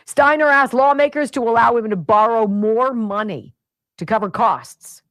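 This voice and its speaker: Radio host lady, sarcastic and fed up, pitch jumping all over, dry studio sound. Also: no room sound. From Pennsylvania, United States. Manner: sarcastic, exasperated ranting. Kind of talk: talk radio monologue.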